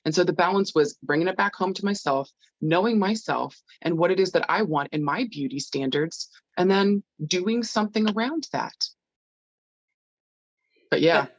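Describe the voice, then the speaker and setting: A woman with a deep voice, talking in a blunt, profane and animated way during a casual chat. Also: normal speed, no room sound, dull audio. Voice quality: deep, low voice. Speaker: medium and guest.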